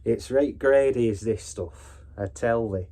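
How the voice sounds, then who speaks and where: A man's voice: mid-range voice, a little slow, dark tone, close to an everyday voice. A man putting on a hammy, exaggerated generic northern English accent as a stereotypical 1950s working-class man. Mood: folksy. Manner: broad, hammy, folksy.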